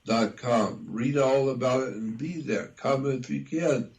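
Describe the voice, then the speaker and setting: A man speaking as an interview guest, talking deliberately and repeating key details for emphasis. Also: medium pitch, darkish tone. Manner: spells out words letter by letter. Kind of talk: conversational interview.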